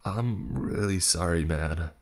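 A man's voice: low-pitched, takes it slowly. A man voicing a nervous, defensive young man trapped in an elevator in a horror story reading. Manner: defensive, apologetic.

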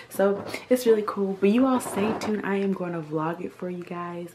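A young woman vlogging from a car, chatty and upbeat, leaning on drawn-out repeats. She talks at an easy middle pitch into a handheld phone, with a faint hiss of noise under her voice. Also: darkish tone. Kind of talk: casual vlog chat to camera.

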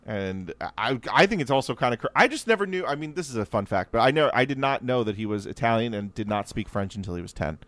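A man's voice: mid-range voice, lively intonation, fast talker, few pauses, a bit bright, dry recording. A man hosting a podcast, chatting casually about history with frequent laughs and restarts. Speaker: podcast host.

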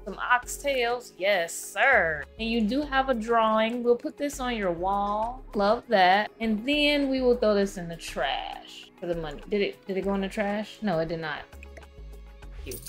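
A woman hosting a casual let's-play, chatting to her game characters and viewers, her throat rough from allergies. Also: mid-range voice, unhurried, fairly bright tone, faint music behind. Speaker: gaming channel host.

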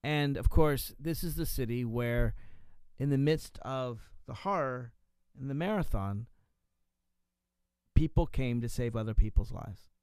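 A man's voice: medium pitch, measured pace, pauses often, darkish tone, clear, resonant tone, no room sound. A man hosting a talk radio show, speaking conversationally with frequent fillers and restarts as he works through his thoughts.

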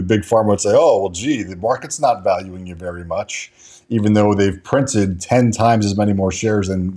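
A man hosts a casual stock market livestream, reading viewer chat and answering it in a rambling way full of restarts and fillers. His voice is on the low side with a dark tone.

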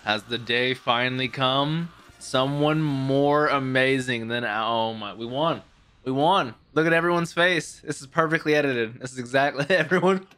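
A man in a mid-range voice reacting to an anime episode in casual commentary. He bursts into loud excitement and drops to soft, musing remarks, with the odd casual curse. Faint music plays behind him. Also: medium pitch, moderate pace, clean tone. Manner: excitable, jumps between loud hype and quiet musing; swears casually. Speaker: anime reaction channel host.

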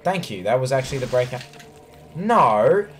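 A man playing a video game with a friend, swearing, teasing him and yelling at the screen in casual commentary. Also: medium pitch, sing-song, normal speed, a little hiss or hum. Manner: teasing his co-player. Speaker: let's play gamer.

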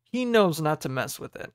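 A young podcast host in their twenties talks on their own in a loose, wandering way. The voice sits at a middle pitch and is full of "like" and "uh". The sound is close and dry. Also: very animated, moderate pace, smooth, dry recording. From United States. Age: 20s. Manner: meandering, reminiscing, many fillers. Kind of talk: casual solo chat.

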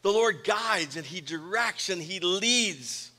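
Guy preaching a sermon, high bright voice, goes loud then soft, big echoey church hall. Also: takes it slowly. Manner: expressive, swings from loud emphasis to soft storytelling. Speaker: pastor. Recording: live sermon with long hall reverb.

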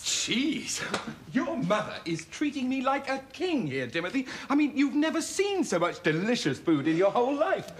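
A man's voice: extremely high pitch, sing-song, normal speed, a little hiss or hum. An actor playing a hearty, polite young man, jovial and charming. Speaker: visiting cousin. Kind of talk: sitcom acting.

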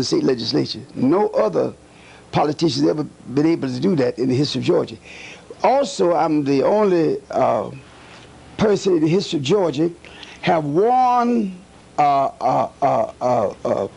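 An older man with a gravelly, husky voice, pitched a little high for a man. He talks deliberately, leaning hard on key words and stalling on fillers as he recalls the past. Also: expressive, darkish tone. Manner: deliberate, emphatic, with many hesitant fillers. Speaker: civil rights leader and politician. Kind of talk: reflective oral-history interview.

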